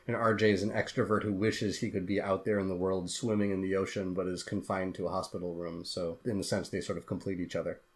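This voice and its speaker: A man's voice: low voice, flat delivery, fast, few pauses. A man, a guest author on a podcast interview, telling his story in an earnest, heartfelt way.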